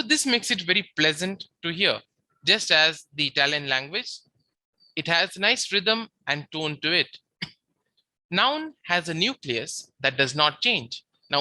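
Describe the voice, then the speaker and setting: Patient lecturing teacher, very bright tone, dry close voice-over. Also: mid-range voice, no room sound. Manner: patient, repeats key words for emphasis. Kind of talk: slide-based lecture.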